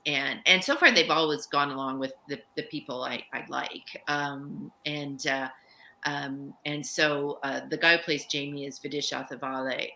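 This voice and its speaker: A woman's voice: low-pitched, sharp tone, a little hiss or hum, rough recording. A middle-aged woman author on a video call, talking thoughtfully and searching for her words. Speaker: author guest. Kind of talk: casual interview chat.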